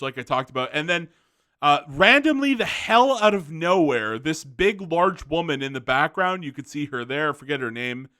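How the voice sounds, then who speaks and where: A man's voice: on the high side, gravelly, pushed and bright. A young man giving a casual, rambling movie review, often restarting his sentences.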